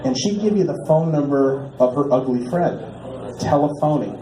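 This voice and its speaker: A man in his forties doing a stand-up comedy set in a bar, delivering punchlines deadpan and drawing out repeats while he waits for laughs. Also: a little high, moderate pace, roomy sound, crowd noise, rough recording. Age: 40s. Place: small bar stage.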